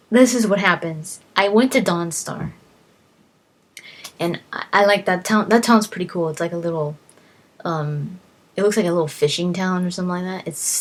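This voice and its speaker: A woman casually recounting a video game adventure, rambling with lots of fillers and restarts. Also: on the low side. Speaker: gaming vlogger.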